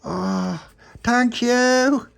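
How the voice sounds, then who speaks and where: A man voicing an excitable little boy in a spoken bedtime story, in a high squeaky childlike voice. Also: extremely slow, vocal fry, heavily acted. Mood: excited. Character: excitable little boy who owns the boat.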